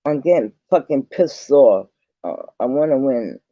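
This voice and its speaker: A man's voice: medium pitch, lively intonation, measured pace, dry recording. A man vlogging an angry, profane rant straight to the camera, repeating himself as he confronts someone. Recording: dull lo-fi sound.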